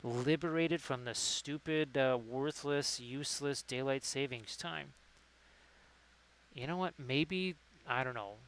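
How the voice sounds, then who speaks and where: A man with a clear, resonant voice hosting a casual livestream. He rambles from one thing to the next and reads viewers' messages aloud. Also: medium pitch, takes it slowly, fairly bright tone, low-quality recording. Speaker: livestream host. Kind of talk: casual chat while painting.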